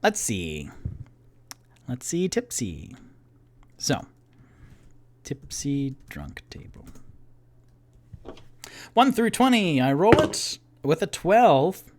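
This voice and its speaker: Playful, animated man narrating a solo tabletop game. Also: a little high, very slow, pauses often, slight background noise. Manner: playful, laughing, chatty. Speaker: game master and solo player.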